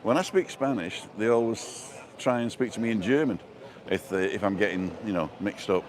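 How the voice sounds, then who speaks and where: A man's voice: fairly low pitch, animated, moderate pace. A middle-aged man hosting a casual live stream as he walks outdoors through town streets, chatting and reading out viewer comments with a joking manner.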